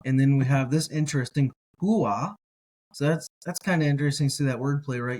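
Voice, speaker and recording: A man teaching a slow reading lesson in Hebrew, repeating each word several times and correcting himself as he goes. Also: mid-range voice, darkish tone. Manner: careful, self-correcting.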